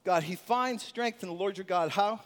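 A male pastor preaching a sermon in a church, animated, with chuckles and call-and-response with the congregation. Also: high voice, normal speed. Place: church sanctuary. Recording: long reverb in a large hall.

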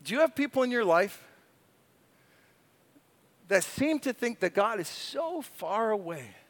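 A man preaching a sermon as pastor, playful and animated, breaking into acted-out voices. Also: high voice, a little slow. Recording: reverberant hall.

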